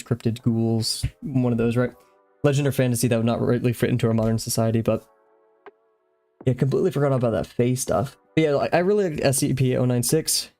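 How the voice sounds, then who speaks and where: A man's voice: mid-range voice, warm tone. Young adult male streamer, out of breath, rambly and distractible, casual chat over faint background music. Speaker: drawing live-streamer.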